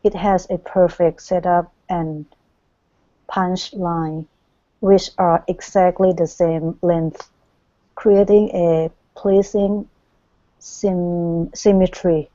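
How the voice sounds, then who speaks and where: A woman student reads aloud in class, slowly and haltingly, and trips over longer words. Her voice is low, flat and mellow. The recording is dry and dull. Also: no echo.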